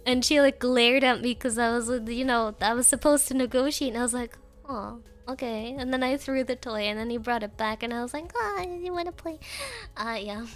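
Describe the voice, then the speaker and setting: A woman's voice: fairly high pitch, steady tone, fairly quick, hardly any pauses, soft background music. A woman streamer chatting casually with viewers, telling rambling stories with frequent giggles and Japanese filler words.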